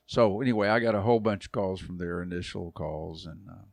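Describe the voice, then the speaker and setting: A man around sixty, a youth pastor, tells a long story in a relaxed podcast chat, acting out quoted voices and laughing often. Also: deep voice, fairly quick, gravelly, no echo, clean studio sound. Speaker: youth pastor and church elder.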